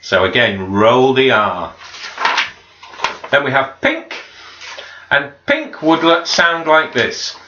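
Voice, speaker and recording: A man's voice: medium pitch, very animated, slow, long pauses, noisy background. A man teaching a home-learning video lesson to children, patiently modelling and repeating each word. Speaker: primary school teacher. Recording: slightly dull, roomy home recording.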